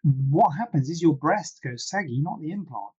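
A man's voice: on the high side, lively intonation, normal speed, a little mellow, slightly rough, lo-fi sound. A man, a plastic surgeon, answering viewer questions in a casual, rambling live Q&A with frequent asides. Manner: chatty, rambling, self-deprecating asides.

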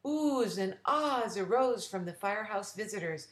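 A woman reads a children's story aloud in a gentle, reflective way. Her voice sits mid-range and carries with a roomy echo. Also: medium pitch, animated, unhurried. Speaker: storyteller and writer.

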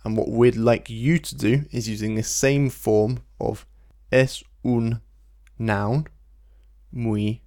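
A man, teaching a Spanish lesson in a relaxed podcast style, explaining patiently and slowing down to model phrases. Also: medium pitch. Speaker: language teacher.

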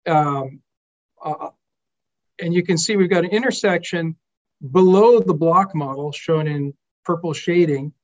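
A man's voice: on the high side, a little slow, pauses often. A man who is a company executive, talking up a project's potential in an upbeat, confident, promotional way. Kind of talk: promotional interview talk. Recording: dull lo-fi audio.

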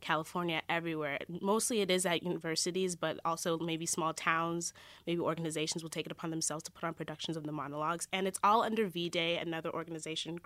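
A woman's voice: deep voice, steady tone, fast talker, fairly bright tone, dry recording. A young woman, a student organizer speaking earnestly and passionately as a guest in a radio interview. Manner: earnest and passionate, talks in long flowing runs. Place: radio studio.

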